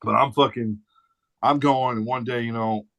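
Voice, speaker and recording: A man in his forties from the St. Louis area tells stories as a podcast guest, blunt and laid-back, peppering his talk with swearing and "dude." His creaky, fairly bright voice is medium-pitched with fairly even intonation, at normal speed, and there's no echo.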